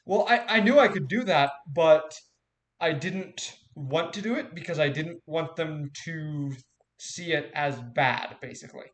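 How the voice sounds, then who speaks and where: A man's voice: a little high, a little slow. A man playing a tabletop game, asking questions eagerly. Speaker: player. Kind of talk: casual tabletop game chat.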